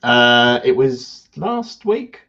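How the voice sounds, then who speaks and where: A man's voice: medium pitch, sing-song, very slow, bright, forceful tone, highs cut off. A man, co-hosting a casual football podcast in a blunt, chatty way. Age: 30s. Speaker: podcast co-host.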